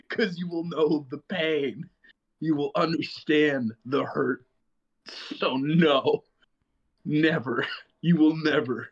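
A man co-hosting a casual veteran chat show, ranting in animated, mock-indignant bursts. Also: a little high, takes it slowly, breathy edge, highs cut off. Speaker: podcast co-host, Marine veteran. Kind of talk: casual banter.

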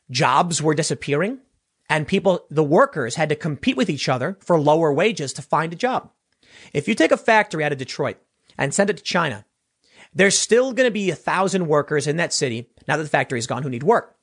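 Animated male political commentator. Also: fairly high pitch. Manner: animated, rambling, with repeated restarts.

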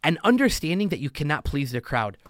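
A man's voice: a little high, sing-song, fairly quick, a bit bright, no echo, studio quality. A man talking as a podcast guest, telling stories and acting out quotes in long motivational runs. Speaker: podcast guest, loan officer. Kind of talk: casual podcast talk.

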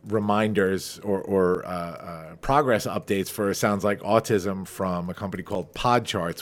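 A man hosting a casual podcast interview, chatty and curious, often restarting his sentences. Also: sits low. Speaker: podcast host.

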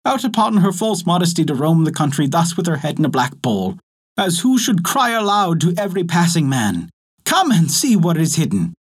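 A man voicing a scornful village washerwoman in a told folktale, jeering loudly. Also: on the high side, very animated, moderate pace, breathy edge, voice pushed up.

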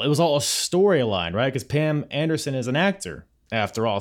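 A man's voice: medium pitch, lively intonation, fairly quick, hardly any pauses. A man hosting a casual podcast, recapping and telling stories with a chatty, laughing manner. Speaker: podcast host.

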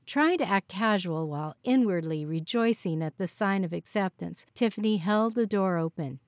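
A woman reading a novel aloud in steady, scripted narration on a close mic. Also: mid-range voice, moderate pace, no echo. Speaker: audiobook narrator.

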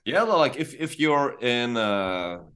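A man from northern Germany with a German accent, a musician guest chatting casually on a podcast, lively and full of quick restarts. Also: medium pitch, smooth. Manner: animated, quick restarts, mimics voices in stories.

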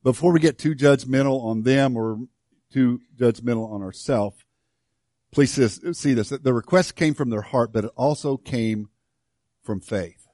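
A man preaching a sermon to his church, swinging from hushed, slow lines to loud, fervent ones. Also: medium pitch, no room sound, clean studio sound. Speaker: pastor.

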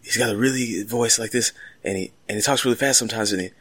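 A man's voice: fairly low pitch, fast talker. A man co-hosting a podcast, joking around in casual banter. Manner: joking, lively, self-mocking. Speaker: podcast co-host.

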